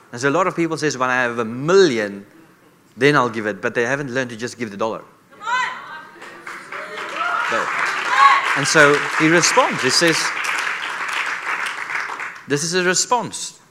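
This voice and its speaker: A man's voice: mid-range voice, pushed and bright, a little hiss or hum. A man preaching a sermon as a guest speaker, repeating rhetorical questions to the congregation.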